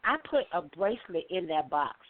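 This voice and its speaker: A middle-aged woman calling in to a show, telling a story with lively acted-out quotes. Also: fairly low pitch, moderate pace, dry recording. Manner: animated storyteller, acts out quoted voices. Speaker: caller. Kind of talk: call-in storytelling. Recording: phone line.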